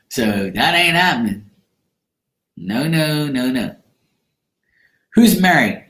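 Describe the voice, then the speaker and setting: A man's voice: fairly high pitch, very animated, slow pace, fairly bright tone. A man, the host of a tarot live stream, chatting casually and rambling while he answers viewers' comments by name. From Bermuda. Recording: echoey room.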